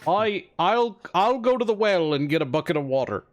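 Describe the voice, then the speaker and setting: A man's voice: sits high, expressive, normal speed. A man voicing a flustered, well-meaning wizard who apologizes sheepishly.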